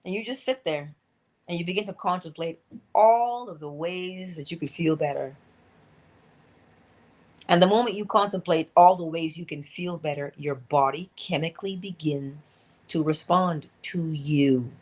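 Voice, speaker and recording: A woman delivers a motivational livestream talk to her listeners, earnest and coaching as an inspirational speaker, repeating key phrases to drive them home. Her voice is on the low side, unhurried and a little mellow.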